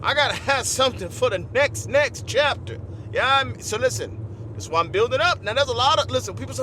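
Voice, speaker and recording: A man in his forties hosting a comedic podcast, talking in an animated, playful way, repeating himself and laughing often. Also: very high-pitched, a little fast, slight background noise. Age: 40s. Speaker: podcast host.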